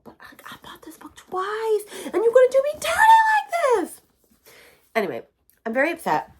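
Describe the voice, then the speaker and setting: A woman's voice: lowish voice, husky. A woman, talking casually in a reading vlog, ranting about books and quoting characters. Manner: animated, ranting, quotes characters in voices. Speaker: book vlogger.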